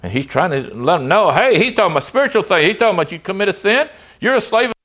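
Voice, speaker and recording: A man's voice: sits high, expressive, quick pace, fairly bright tone. Emphatic middle-aged man preaching. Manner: conversational and emphatic, asking rhetorical questions. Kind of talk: sermon with Bible reading.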